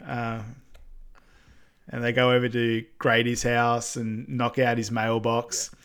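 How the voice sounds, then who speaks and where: A man co-hosting a podcast, adding plot points in a relaxed, easygoing way. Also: medium pitch, slow pace, clear, resonant tone. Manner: relaxed, adds short plot points and agreement. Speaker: podcast co-host. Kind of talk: casual film recap chat.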